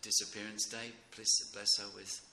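Gravelly, forceful middle-aged man in an echoey room. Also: on the low side, moderate pace. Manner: rambling, excitable, often chuckling. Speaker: speaker giving a devotional class. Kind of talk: informal devotional class talk. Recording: echoey room with faint noise.

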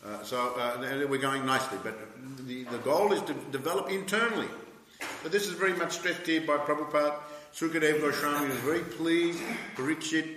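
A man giving a scripture lecture, halting with many fillers and restarts, then pressing his points emphatically. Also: fairly high pitch, fairly even intonation, bright, forceful tone, slight background noise. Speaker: spiritual teacher giving a scripture class. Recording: echoey hall with long reverb.

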